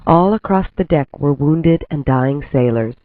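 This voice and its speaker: Male narrator, slightly high voice, steady storybook reading, tinny phone-like sound. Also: measured pace, no room sound. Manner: steady, clear storytelling delivery. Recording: tinny phone-like dry recording.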